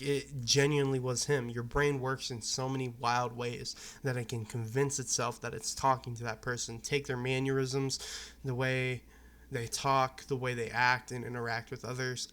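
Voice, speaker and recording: A young man from Arizona talks straight to camera in a loose, rambling vlog, cursing freely as he goes. His voice is bright and edgy, and it stays on an even, level pitch with little rise and fall. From Arizona, USA. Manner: candid, loose, profane, rambling. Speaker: vlogger. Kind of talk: casual personal talk to camera.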